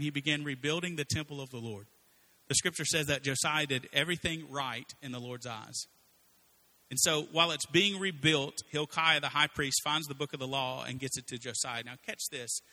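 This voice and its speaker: Speaking a little fast in a voice on the high side, a man delivers a relaxed, conversational sermon. His storytelling is animated, and he performs the quoted lines himself.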